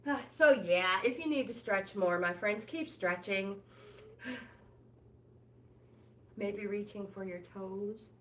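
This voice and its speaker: An older woman hosts a live walking workout and talks at an unhurried, easy pace. She gives friendly coaching cues and greets her viewers one by one by name. Her voice sits at a medium pitch. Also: fairly bright tone, slight background noise. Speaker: fitness instructor and livestream host.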